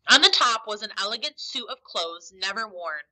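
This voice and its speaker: Very bright teacher reading aloud. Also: female voice, medium pitch, normal speed, low-quality recording. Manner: expressive storytelling. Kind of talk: reading a novel aloud for a lesson.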